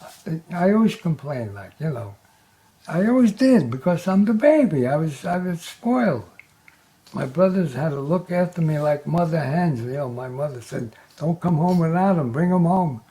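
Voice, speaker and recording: In a local TV studio, a man in his nineties tells jokes and stories as an interview guest, chuckling at his own punchlines. His voice is on the high side, warm and sing-song, at normal speed.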